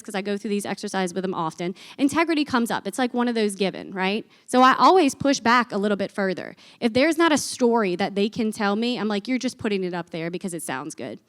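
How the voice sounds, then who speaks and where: Woman in her thirties, conference speaker, energetic and folksy, slightly high voice. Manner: energetic, chatty, uses folksy phrases. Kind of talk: business conference talk. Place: conference stage before an audience.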